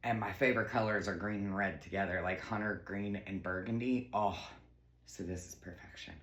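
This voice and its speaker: A woman chatting casually through a home vlog, bubbly and gushing, slipping into a high baby-talk voice for her cat. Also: brisk. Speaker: lifestyle vlogger. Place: home kitchen and living room.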